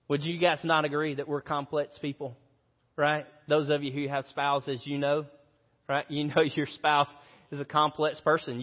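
A man in his thirties, a pastor preaching an earnest, conversational sermon with self-deprecating humor. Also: a little high. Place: church auditorium. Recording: reverberant hall, slightly dull sound.

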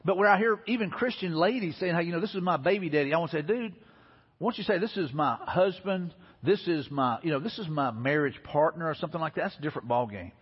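A man's voice: fairly high pitch, quick pace, breathy edge. A middle-aged man, preaching a sermon as pastor in a folksy, conversational way. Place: church sanctuary. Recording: dull lo-fi audio in a reverberant hall.

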